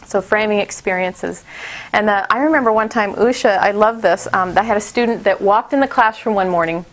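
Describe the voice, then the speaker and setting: A woman's voice: medium pitch, fairly quick. A middle-aged woman giving a casual workshop talk to teachers, chatty, with many fillers and restarts. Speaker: teacher trainer.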